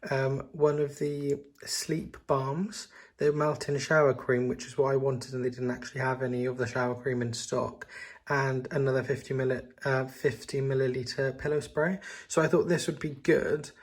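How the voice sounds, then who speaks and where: A man with a hoarse voice, chatting eagerly through a casual home haul vlog. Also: medium pitch, level tone, moderate pace. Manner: chatty and eager, with frequent ums. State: hoarse, recovering from laryngitis. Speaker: vlogger. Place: at home, indoors.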